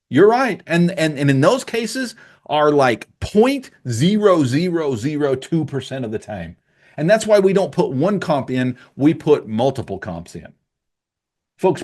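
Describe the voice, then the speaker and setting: A middle-aged man hosting a podcast, talking in a passionate, emphatic monologue with asides to his listeners. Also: medium pitch. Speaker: podcast host, appraisal coach.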